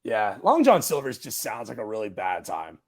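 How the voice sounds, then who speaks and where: A man's voice: fairly low pitch, huge pitch swings, normal speed, a crowd in the background. A young man hosting a casual chat, laid-back and jokey, full of "bro" and "like". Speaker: podcast host.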